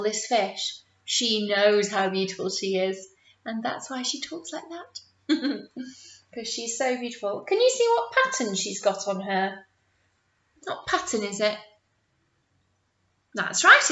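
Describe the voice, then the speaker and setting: A woman teacher reading a picture book to young children, animated and encouraging, drawing words out and making playful sound effects. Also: fairly high pitch. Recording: roomy, dull lo-fi sound.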